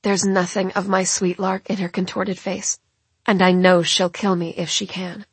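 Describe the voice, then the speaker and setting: Female audiobook narrator, husky and breathy, dry close sound. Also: medium pitch, level tone, no echo. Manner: measured, dramatic storytelling. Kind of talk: first-person novel narration.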